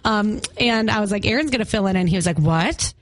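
A woman's voice: medium pitch, fast talker, dry recording. Chatty woman co-hosting morning radio. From Arizona. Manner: chatty, laughs often, country music fan. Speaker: radio show co-host.

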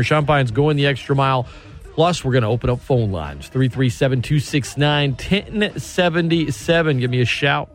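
A man's voice: mid-range voice, normal speed. A man hosting a sports talk radio show, teasing his guest in a wisecracking way.

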